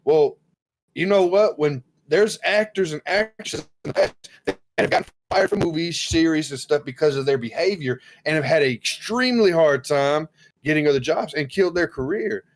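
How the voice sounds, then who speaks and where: Man, fairly high voice, blunt, cursing, podcast chat. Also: moderate pace. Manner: blunt, swears freely, acts out quoted bosses. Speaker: podcast co-host.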